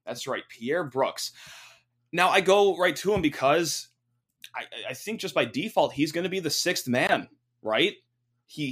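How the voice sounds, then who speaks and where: A young man hosting a sports podcast, talking casually with energy and plenty of fillers. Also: mid-range voice. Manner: energetic, chatty, lots of fillers. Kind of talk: casual podcast talk with ad read.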